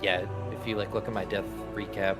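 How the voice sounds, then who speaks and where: Man, low voice, fast talker, gravelly, questioning, voice chat, loud game music. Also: little pitch movement. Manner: asks questions about game mechanics. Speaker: raid member. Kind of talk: casual voice chat during a game raid.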